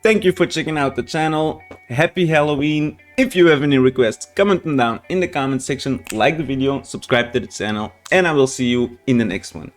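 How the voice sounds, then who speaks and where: A man's voice: medium pitch, fairly quick, few pauses, faint music behind. A man hosting a reaction channel, telling a story to viewers in a rambling way, swearing often and restarting sentences.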